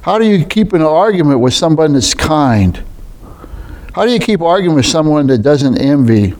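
A man's voice: fairly high pitch, sing-song, moderate pace, darkish tone. A middle-aged man preaching a sermon in a folksy, conversational way, asking rhetorical questions.

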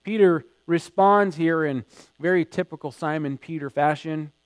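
A man preaching a sermon, emphatic, building to loud acted quotes. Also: a little high, moderate pace, no echo. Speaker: pastor.

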